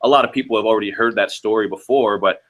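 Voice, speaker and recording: A man's voice: lowish voice, fast talker, a bit bright. A man with a Canadian accent, a guest in a casual album review discussion, chatty and enthusiastic about artists he likes.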